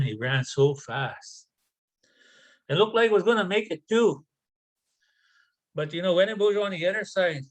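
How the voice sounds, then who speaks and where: Halting male storyteller. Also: a little high, rough recording. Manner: halting, repeats words and phrases. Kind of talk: oral storytelling.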